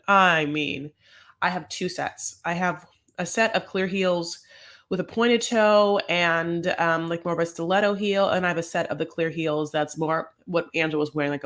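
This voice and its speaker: A woman's voice: on the low side, a bit bright. Sassy, chatty American woman host. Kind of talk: casual reality-show recap.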